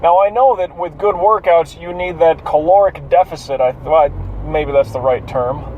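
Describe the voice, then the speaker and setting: A man with a fairly high voice talks to himself from behind the wheel, rambling and swearing at traffic. He sounds tired and drifts from topic to topic. The recording is dull and lo-fi, with faint road noise underneath. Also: normal speed. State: yawning and tired. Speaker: vlogger. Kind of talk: casual driving monologue. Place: inside a car while driving.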